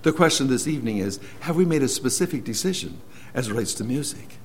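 A man preaching a sermon as an earnest storyteller, moving between loud emphasis and hushed, slowed lines. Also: mid-range voice, lively intonation.

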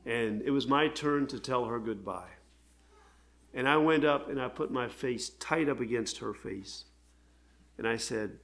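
An older man, a pastor, preaching an earnest, heartfelt sermon with pauses. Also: medium pitch, gravelly, a bit bright.

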